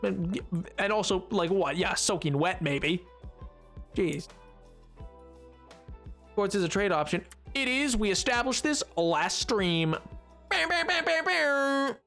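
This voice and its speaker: Playful, gravelly young male streamer. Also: high voice, slow, long pauses, fairly bright tone, faint music behind. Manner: playful, teasing banter with chat. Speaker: game streamer. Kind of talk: casual live-stream chat.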